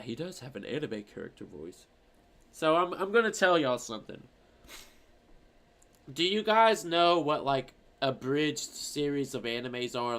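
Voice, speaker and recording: A man's voice: medium pitch, a bit bright, smooth. A young man chatting casually on a stream, telling rambling stories with plenty of swearing. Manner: rambling, profane storytelling.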